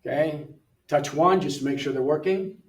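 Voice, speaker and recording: An older man working through an English app lesson in a relaxed way, thinking aloud and reading words off the screen, recorded from away from the mic in a room. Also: fairly high pitch, normal speed, distant mic. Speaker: missionary English tutor. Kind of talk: casual walkthrough of an app lesson. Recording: roomy sound from away from the mic.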